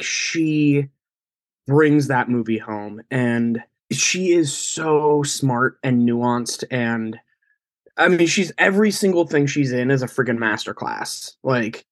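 A man's voice: mid-range voice, dry recording. A man in a casual movie review chat, speaking effusively with stumbling restarts. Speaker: podcast co-host.

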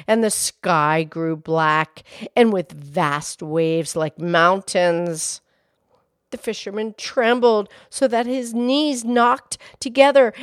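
A woman reading a fairy tale aloud in a slow, expressive storytelling manner. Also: clean tone, no room sound, studio quality. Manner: slow, expressive storytelling with wide pitch swings.

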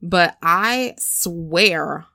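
Chatty, low-voiced woman telling a story. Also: very slow, vocal fry, dry recording, studio quality. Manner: chatty, animated storyteller who acts out quotes. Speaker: podcast co-host. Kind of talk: casual chat recapping a film.

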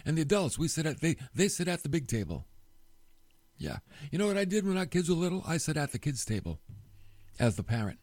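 An older man preaching in a casual, folksy way, his pitch swooping up and down as he stresses his points. The sound is dry and close, with no room echo. He mixes emphatic teaching with playful asides. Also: very animated, moderate pace, pauses often, a little mellow. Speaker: pastor. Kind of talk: conversational sermon teaching.

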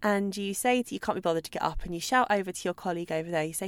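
A woman hosting a solo podcast as a dog trainer, talking in a chatty, lively way and acting out examples. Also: lowish voice, rapid-fire, hardly any pauses, smooth, no echo. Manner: chatty, animated, acts out babbling owner voices.

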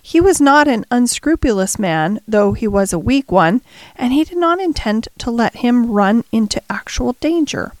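A woman narrating a classic novel chapter in a measured storytelling manner. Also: on the high side, animated, no echo. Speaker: audiobook narrator. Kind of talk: scripted narration.

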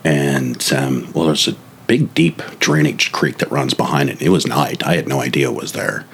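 A man's voice: rumbling low, animated, moderate pace, creaky, slight background noise. A man who worked as a police officer, telling a story in a matter-of-fact, understated way. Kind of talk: storytelling interview answers.

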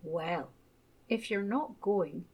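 A woman voicing a gentle, patient mother in a children's storybook, coaxing and reassuring. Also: fairly low pitch, slow, slightly rough, exaggerated voice.

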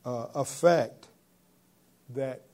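A man preaching a sermon in an earnest, conversational way, with sudden loud stresses on key words. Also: medium pitch, drawn-out words. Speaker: pastor.

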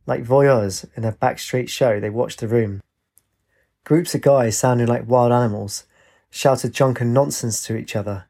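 A man narrating a story aloud at a steady, even pace. His tone is mellow and warm, without sharp edges. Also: mid-range voice, normal speed, creaky. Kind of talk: storytelling reading.

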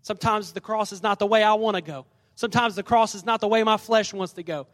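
A male pastor with a high-pitched voice preaches to his congregation, swinging between loud calls and hushed lines as he acts out the scripture. His voice rings through a reverberant church sanctuary. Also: fairly even intonation, quick pace. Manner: preaching with call-and-response and dramatic scripture reading. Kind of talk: sermon. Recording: long reverb of a large hall.

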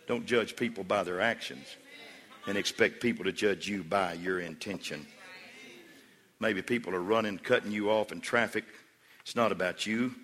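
Bright-voiced preaching pastor in a reverberant hall. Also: male voice, fairly low pitch, moderate pace. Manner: preaching with swings from hushed storytelling to loud emphatic calls. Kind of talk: sermon. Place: church sanctuary.

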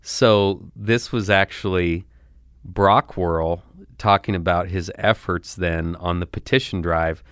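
Deep-voiced man co-hosting a podcast. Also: fairly even intonation, slow, fairly bright tone, clean tone, dry recording, clean studio sound. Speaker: podcast co-host. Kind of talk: casual chat.

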